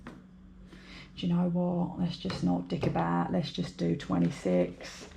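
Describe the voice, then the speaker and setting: A woman's voice: lowish voice, very animated, slow, vocal fry, mellow, a little hiss or hum. A British woman chatting casually to camera while budgeting, rambling and talking to herself. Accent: British English. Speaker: budgeting vlogger. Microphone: overhead camera mic.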